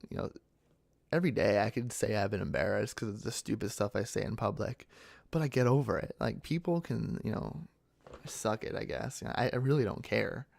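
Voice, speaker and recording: A young ASMR host from central Pennsylvania, United States, rambles casually as he replies to comments from viewers, with plenty of fillers and restarts. His fairly low voice has vocal fry and a darkish tone, and he talks fairly quickly.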